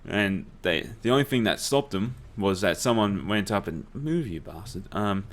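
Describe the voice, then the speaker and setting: Fairly low-pitched and animated, this young man speaks at normal speed. He's a let's play host who curses openly and laughs through the anecdotes he shares over gameplay.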